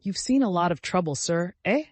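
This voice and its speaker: A man's voice: a little high, very animated, normal speed, no room sound. A man voicing a small, kindly peasant soldier with a tender, caressing sing-song manner.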